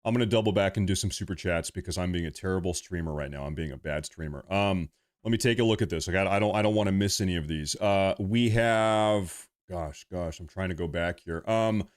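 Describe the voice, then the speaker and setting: A livestream host with a low-pitched voice reads super chats aloud at a fairly quick clip. He rants in an agitated, repetitive way, constantly restarting his sentences.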